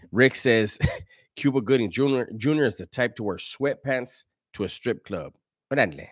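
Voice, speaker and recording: A man's voice: medium pitch, animated, unhurried, husky, no room sound, clean studio sound. A man hosting a casual live stream, reading viewer comments aloud in a laid-back, slangy way and chuckling often.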